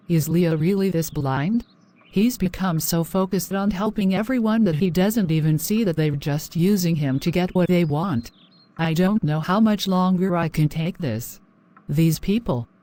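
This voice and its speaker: A woman's voice: fairly low pitch, dark tone, close to an everyday voice. A woman voicing a worried wife who quotes scripture and frets that her husband is being used. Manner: anxious, quoting scripture. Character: worried wife of a generous man.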